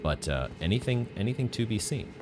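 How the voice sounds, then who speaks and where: A man's voice: lowish voice, sing-song, fairly quick, noisy background. A man streaming a blind playthrough of a video game, chatting and musing aloud in a playful way. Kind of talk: live gameplay commentary. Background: game music.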